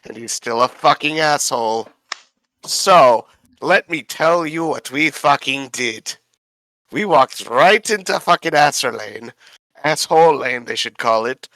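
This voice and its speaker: A man with a bright, forceful voice rattles through a recap of his tabletop game session, swearing freely and stumbling over names. The sound is dry and close, with little room around it. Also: medium pitch, animated, measured pace, dry recording. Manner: rambling, profane, fumbles names. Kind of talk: casual in-character recap.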